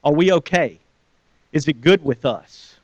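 Male pastor, conversational sermon, slightly high voice, dry sound. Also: animated, a little slow, no echo, muffled recording. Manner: conversational, questions the audience, restarts words.

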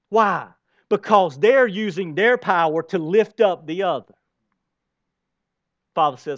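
A man preaching a sermon with a high, lively voice, throwing questions at his congregation and slipping into soft asides. The sound is dry and somewhat dull, lo-fi. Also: slow pace, pauses often, dry recording. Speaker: pastor.

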